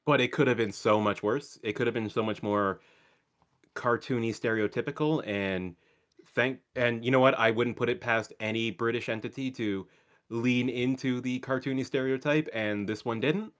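A man co-hosting a podcast in casual chat, sardonic and casually profane, with halting restarts. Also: medium pitch, a bit bright. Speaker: podcast co-host.

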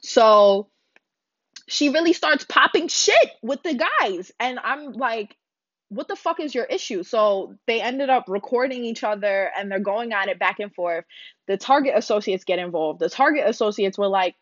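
Loud, profane young woman ranting. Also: a little high, moderate pace, no room sound, muffled recording. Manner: blunt, loud, profane, animated. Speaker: vlogger. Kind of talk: casual ranting storytime.

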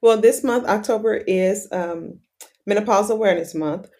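A woman's voice: medium pitch, normal speed, mellow. A middle-aged woman, a pharmacist and educator, explaining things earnestly in a casual interview with many fillers. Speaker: pharmacist and menopause educator, guest.

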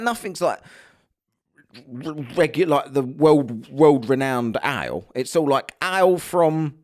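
A man telling a comic, sweary rant about a holiday trip, exasperated and mocking. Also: mid-range voice. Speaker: vlogger.

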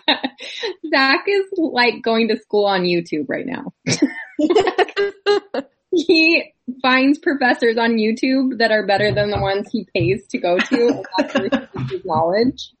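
A woman's voice: a little high, animated, slow pace, husky. Woman in easygoing, laughing chat. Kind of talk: casual chat.

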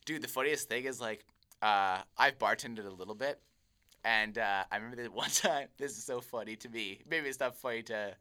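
A man's voice: medium pitch, moderate pace, pushed and bright. A young man co-hosting a podcast, telling rambling stories in casual chat and laughing often. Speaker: podcast co-host.

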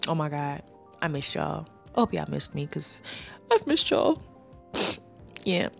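A woman talks to her listeners in a slow, unhurried drawl, her voice sitting on the lower side. She rambles loosely in slang, pausing and sighing as she goes. Faint music plays softly behind her. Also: sing-song, vocal fry. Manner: rambling, slangy, with sighs and pauses. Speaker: podcast host. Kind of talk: casual solo podcast monologue.

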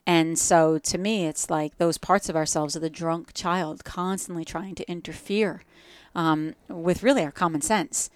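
A woman from New Jersey with a New Jersey accent talks in a smooth, resonant voice that sits a little low. She sounds reflective and spiritual as she speaks, and the sound is close and dry with no room echo. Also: steady tone, measured pace, hardly any pauses. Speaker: guest. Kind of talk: casual podcast conversation.

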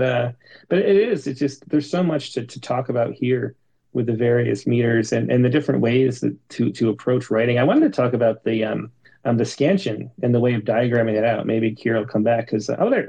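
A man's voice: medium pitch, brisk, vocal fry, mellow. A man co-hosting a podcast, talking in a thoughtful, rambling way with many restarts over a video call. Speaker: podcast co-host. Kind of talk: casual discussion.

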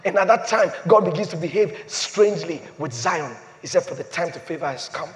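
A man preaching a sermon as pastor, repeating phrases and swinging from loud declarations to hushed, slow emphasis. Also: on the high side. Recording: long hall reverb.

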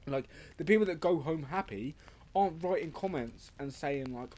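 A man's voice: on the high side, normal speed, a little mellow. Rambling man co-hosting a podcast. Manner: rambling, restarts often, swears casually. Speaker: podcast co-host. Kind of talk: casual chat.

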